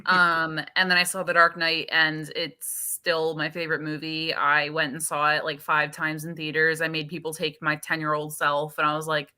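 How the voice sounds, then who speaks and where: A woman in her twenties from Scandinavia, a podcast guest chatting in an animated storytelling way. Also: sits low, moderate pace, hardly any pauses. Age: 20s. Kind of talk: casual chat.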